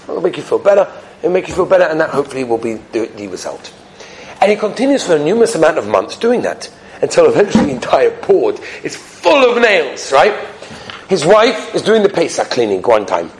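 A man giving a conversational storytelling talk, telling anecdotes in an animated way. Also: fairly high pitch, a little hiss or hum, low-quality recording.

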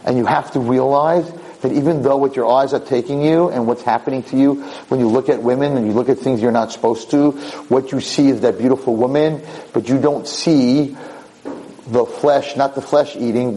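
Brief: male rabbi, mellow tone, lively storyteller, repeats for emphasis. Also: medium pitch, moderate pace, low-quality recording. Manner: animated, repeats words for emphasis. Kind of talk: Torah lecture storytelling.

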